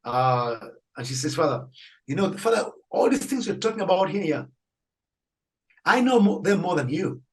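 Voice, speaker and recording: A priest telling a story in an interview, acting out the people in it and laughing often. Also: male voice, high-pitched, normal speed, pauses often, low-quality recording. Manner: animated storyteller, acts out dialogue, laughs often. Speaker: Catholic priest guest.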